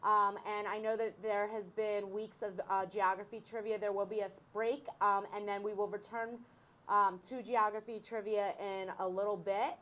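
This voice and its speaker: A woman co-hosts a trivia game in a chatty, casual manner, laughing and using lots of fillers. Her voice is medium-pitched and a bit bright, fairly flat in intonation, at a moderate pace.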